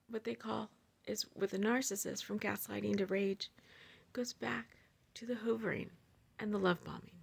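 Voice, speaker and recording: A woman telling a personal story to her viewers in a casual, animated way, with many fillers and asides. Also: fairly high pitch, vocal fry, breathy edge. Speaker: storyteller sharing personal experiences.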